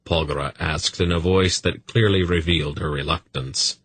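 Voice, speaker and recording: Deep, husky audiobook narrator. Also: male voice, fairly even intonation, normal speed, a bit bright, no room sound.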